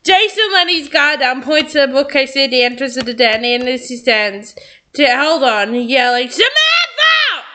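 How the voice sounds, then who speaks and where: A woman's voice: sits high, normal speed, sharp tone. A young woman reads a script aloud and reacts to it, gushing, tearful and laughing often. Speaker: fan reading and reacting to a script. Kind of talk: excited reaction vlog, reading a script aloud.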